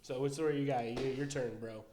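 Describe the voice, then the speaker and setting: A young man co-hosting a podcast in casual chat, easygoing, with quick joking replies. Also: mid-range voice, steady tone, over music. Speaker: podcast co-host.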